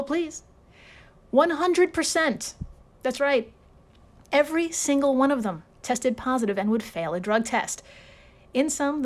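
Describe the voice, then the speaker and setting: A woman hosting a casual storytelling podcast, sarcastic, swearing freely and laughing often. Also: a little high. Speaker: podcast host.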